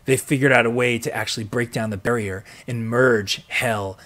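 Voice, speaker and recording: A man voicing a menacing ancient female demon, low, slow and quiet, while retelling a show. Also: steady tone, close to an everyday voice. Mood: threatening.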